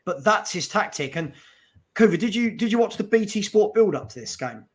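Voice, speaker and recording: Fan-stream host, male, somewhat high voice, casual and fed up, swears freely. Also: big pitch swings, a little fast, slightly rough. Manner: exasperated, swearing, chatty with viewers. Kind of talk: casual live football chat.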